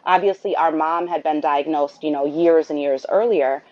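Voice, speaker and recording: A woman's voice: sits low, moderate pace. A woman, the host's sister, telling a story in a chatty, rambling way and acting out the dialogue. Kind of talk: storytelling conversation. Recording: dull lo-fi sound.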